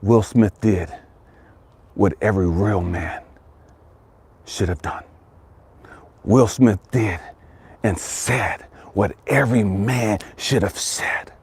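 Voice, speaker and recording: A man giving an impassioned motivational monologue as a life coach, profane and emphatic, repeating his phrases and dropping from loud to hushed. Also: on the low side, slow, long pauses, slightly rough.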